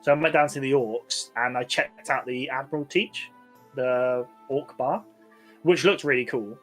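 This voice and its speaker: A man's voice: mid-range voice, measured pace, fairly bright tone, faint music behind. Rambling man, casual podcast chat. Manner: rambling storytelling with many fillers. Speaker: podcast co-host.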